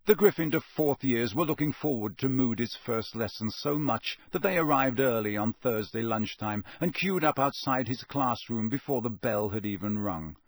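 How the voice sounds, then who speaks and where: A man narrating a novel aloud in a measured, expressive storytelling manner. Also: medium pitch, no echo. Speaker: audiobook narrator. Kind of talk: scripted narration.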